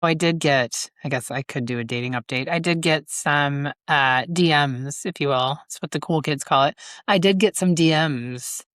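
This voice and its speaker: A woman's voice: sits low, normal speed, a bit bright, no echo, studio quality. A middle-aged woman hosting a casual solo podcast, candid and self-mocking, swearing freely and laughing often. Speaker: podcast host.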